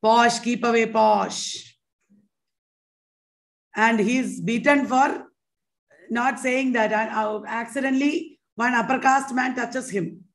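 Slow-paced woman teaching. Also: fairly high pitch. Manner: quizzing viewers, chatty, mixes in Hindi asides. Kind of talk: exam-prep online lesson.

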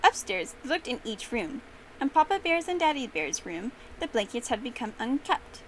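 A young woman telling a memorized story with expressive, animated narration. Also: a little high, moderate pace, slight background noise, low-quality recording. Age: young adult.

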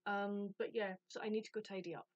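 A woman's voice: mid-range voice, steady tone, fast, no echo. Chatty woman from the UK, dry muffled sound. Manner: chatty, rambling, self-deprecating. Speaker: book vlogger. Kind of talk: casual chat.

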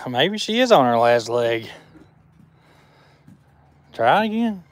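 A man's voice: medium pitch, big pitch swings, slow pace. A father in casual, slangy banter, filming his son outdoors near a running vehicle. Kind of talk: casual chat.

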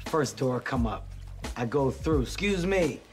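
A man's voice: mid-range voice, unhurried, soft background music. A man from Philadelphia hosting a talk show, telling a comedic story and acting out the voices in it. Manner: animated, acts out voices in his stories. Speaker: host.

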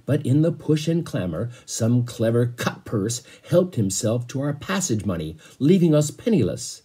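This is a dignified butler from a storybook, as a man reading aloud puts him on. He speaks in long, courteous, formal phrases, slightly raised in pitch and warm in tone. His voice is quite husky and lively in its melody. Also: normal speed. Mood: earnest. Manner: elaborately courteous, formal speech.

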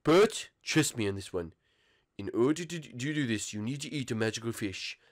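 A man voicing a dim, slow-witted cartoon father in a fan game role-play, mumbling his words slowly. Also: medium pitch, expressive, voice pushed down, lightly acted. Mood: dopey.

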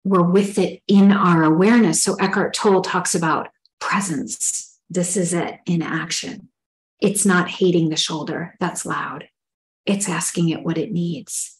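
A woman's voice: on the low side, fairly even intonation, unhurried, rough recording. A middle-aged woman giving a spoken spiritual teaching in an earnest, reflective way, sometimes acting out inner dialogue.

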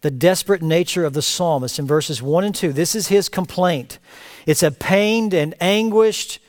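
A male pastor preaching an impassioned sermon, swinging between raised emphatic phrases and hushed, low lines. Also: no echo, clean studio sound.

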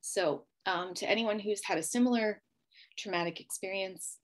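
A woman's voice: medium pitch, moderate pace. A woman hosting a podcast, candidly telling her own story with emotion and many fillers. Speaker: podcast host. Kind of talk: personal storytelling monologue.

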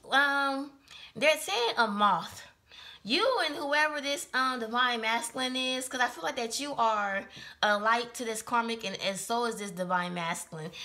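A woman giving a casual tarot reading, chatty and slangy, with plenty of swearing and quick self-corrections. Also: on the high side, pushed and bright. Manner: keeps correcting herself. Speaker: tarot reader.

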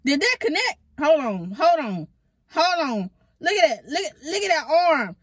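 A woman vlogger reacting to a fight video in casual, excitable commentary, with loud exclamations, laughter and lots of swearing. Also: high-pitched, normal speed, no echo. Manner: swears freely, talks to viewers directly.

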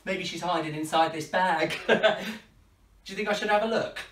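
A woman hosting a children's party show, playful and high-energy with lots of laughter. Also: moderate pace. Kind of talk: lively children's show patter. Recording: echoey room, distant mic, faint music.

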